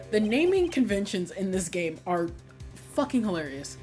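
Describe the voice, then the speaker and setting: A woman's voice: medium pitch, big pitch swings, moderate pace. A young woman streaming a game, chatting casually, giggling and swearing now and then. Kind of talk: casual gameplay commentary. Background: game music.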